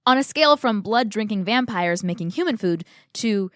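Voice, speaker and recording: A woman co-hosting a film podcast, talking in an excitable, gushing and playful way. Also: mid-range voice, normal speed, no echo, clean studio sound. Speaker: podcast co-host. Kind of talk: casual film review chat.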